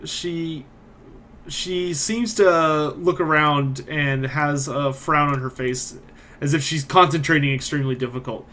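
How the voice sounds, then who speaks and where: A man narrating a tabletop role-playing game as game master, moving quickly between narration and character lines. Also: a little high, steady tone, sharp tone, slight background noise.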